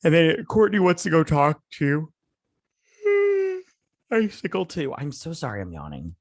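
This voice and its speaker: A man's voice: on the high side, huge pitch swings, unhurried, no echo, clean studio sound. A man hosting a casual TV episode recap, rambling and paraphrasing scenes as he goes. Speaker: host.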